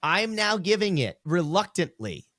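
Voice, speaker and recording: Male podcast co-host, blunt, profane, slightly high voice, dry studio sound. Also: unhurried, dry recording. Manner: blunt, profane, animated ranting. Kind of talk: casual chat.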